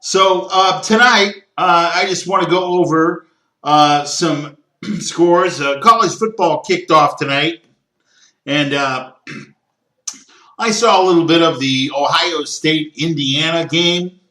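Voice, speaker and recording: A man hosting a solo sports talk podcast, opinionated and given to rants, with frequent fillers and throat-clearing. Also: fairly high pitch, slow pace, pushed and bright, echoey room. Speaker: podcast host.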